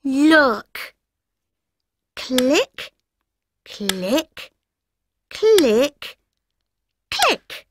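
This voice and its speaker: A woman voicing a kind, helpful child character in a children's storybook, bright and exaggerated. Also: sits high, sing-song, drawn-out words, long pauses, slight background noise, pitched above the performer's own voice, full character voice.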